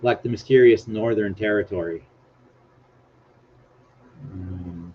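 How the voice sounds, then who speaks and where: Reading things off his screen and rambling with self-mocking humor, this livestream host speaks slowly in a fairly low male voice. His casual stream comes through as dull lo-fi sound with faint hiss.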